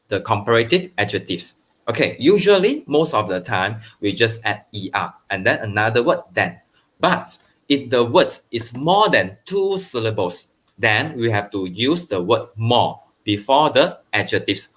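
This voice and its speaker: A man teaching primary school grammar online, explaining slowly and checking understanding with "okay", with brief bits of Mandarin. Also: mid-range voice, a bit bright. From Malaysia. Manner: switches into Mandarin for translations.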